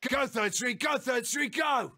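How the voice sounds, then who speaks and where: A cocky British gang-boss president. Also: male voice, extremely high pitch, measured pace, bright, forceful tone, slight background noise, exaggerated voice. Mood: taunting. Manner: mocking, crude, swaggering taunts. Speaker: player character taunting. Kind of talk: video game voice acting.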